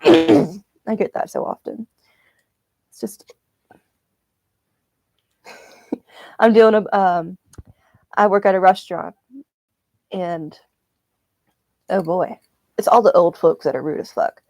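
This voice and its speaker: A woman's voice: on the low side, measured pace, long pauses, dark tone, no room sound. A woman, chatting casually while knitting and ranting about her day with plenty of swearing. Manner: profane, ranting storyteller. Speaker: streamer.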